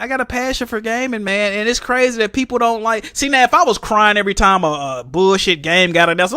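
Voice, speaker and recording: Brief: high-voiced podcast host, bright and animated, exasperated and mocking, dry close sound. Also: male voice, no room sound. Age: 40s. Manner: exasperated, mocking, repeats words. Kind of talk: casual debate.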